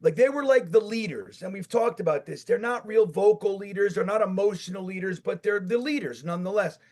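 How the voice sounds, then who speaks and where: High-voiced profane ranting sports podcaster. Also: male voice, brisk. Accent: New York. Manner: animated, profane, ranting, building to shouts. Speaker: podcast co-host. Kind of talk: casual sports talk.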